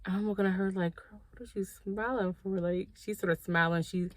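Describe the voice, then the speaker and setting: A woman's voice: mid-range voice, moderate pace, dry recording. A woman vlogger telling a personal story in a casual, slangy way, acting out what people said and talking straight to her viewers. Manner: animated storytelling, acting out quoted dialogue; slangy, direct, addresses viewers as y'all. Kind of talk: storytime vlog.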